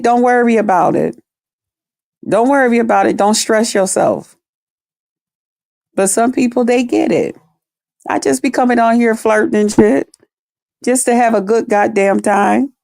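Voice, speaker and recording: A fairly high-pitched woman talks to her viewers in a loose, animated vlog. Her storytelling is blunt and packed with cursing. The sound is close and dry, with little room to it. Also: vocal fry, dry recording. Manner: laughs at her own jokes. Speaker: vlogger. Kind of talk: casual profane storytelling chat.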